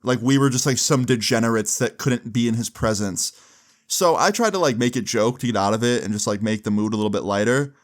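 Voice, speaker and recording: A man's voice: mid-range voice, a little fast. Young man telling a crude casual story. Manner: crude, casual, many "like" fillers.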